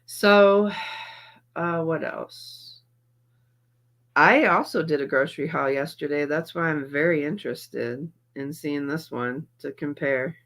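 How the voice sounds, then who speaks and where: A middle-aged woman with a deep, fairly bright voice speaks slowly while hosting a livestream where she reacts to videos. She chats casually and greets her viewers by name, though she's in some pain and feeling a little off.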